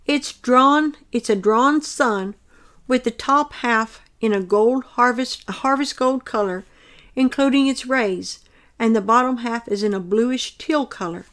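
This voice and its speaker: A woman earnestly reading aloud a detailed account of her own dream in a measured, descriptive way. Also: fairly high pitch, a bit bright.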